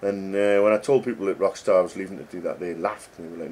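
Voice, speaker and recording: A man's voice: sits low, fairly even intonation, fast talker, a little mellow, slight background noise. A middle-aged man, a game developer chatting casually and joking as he reads code names aloud. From England. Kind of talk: casual commentary while reading code.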